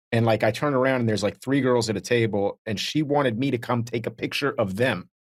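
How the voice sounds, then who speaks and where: A man's voice: mid-range voice, fast, few pauses, dry recording, studio quality. A man co-hosting a podcast, telling self-deprecating stories in casual chat and acting out the people he quotes. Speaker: podcast co-host.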